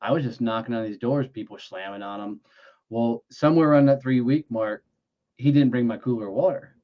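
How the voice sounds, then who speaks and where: A man's voice: medium pitch, brisk. A middle-aged man from Texas, a former Marine guest telling stories with salty language and acted-out dialogue. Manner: animated storyteller who acts out dialogue, salty language. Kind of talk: casual storytelling interview. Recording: dull lo-fi sound.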